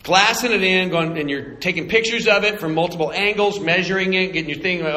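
A man preaching a sermon, animated and acting out little voices and jokes. He grew up in Arizona. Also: high voice, fairly quick, long reverb tail. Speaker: pastor.

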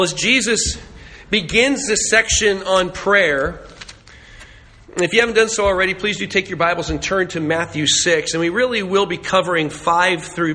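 A man's voice: high-pitched, pushed and bright. A man preaching a sermon as a pastor, telling a story in a conversational way with humorous asides.

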